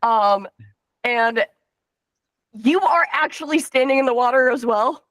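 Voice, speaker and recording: A woman running a tabletop game as game master, describing scenes and rulings in a relaxed, filler-laden way. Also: a little high, measured pace, no room sound. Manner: relaxed, explains rules with fillers.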